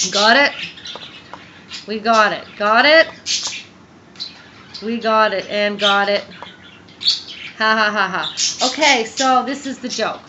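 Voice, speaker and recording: A woman telling a joke in a casual, rambling, animated way, laughing often and filling pauses. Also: mid-range voice, lo-fi sound, noisy background. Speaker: joke teller.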